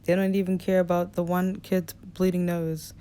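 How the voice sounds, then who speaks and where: A woman narrating an audiobook in a relaxed reading style, with small slips and restarts. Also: lowish voice, normal speed, smooth. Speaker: audiobook reader.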